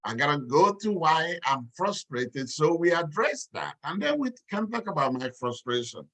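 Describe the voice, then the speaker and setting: Bright-voiced man teaching communication. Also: fairly high pitch, sing-song. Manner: measured, slows to stress key points. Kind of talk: lecture talk.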